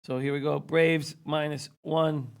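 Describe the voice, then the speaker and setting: High-pitched man losing his voice. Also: level tone, a little slow, vocal fry, clean tone. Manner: reads viewer comments, rattles off stats. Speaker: sports betting show host. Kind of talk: casual sports betting talk.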